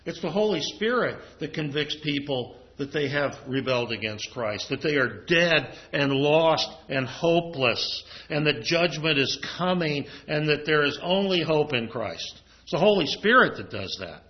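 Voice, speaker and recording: A man's voice: a little high, lively intonation, normal speed, hardly any pauses. A man preaching a sermon in a conversational way, reading scripture aloud as he goes. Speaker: pastor. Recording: muffled lo-fi recording.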